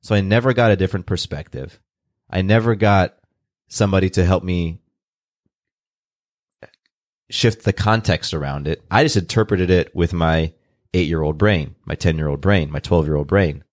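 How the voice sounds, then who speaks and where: A man with a very low voice speaks in an open, earnest way, taking his time and circling back over his words. The sound is close and dry, with no room around it. He comes across as a guest in a reflective conversation. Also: no echo. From California, USA. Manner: open, earnest, unhurried with restarts. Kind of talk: reflective personal storytelling.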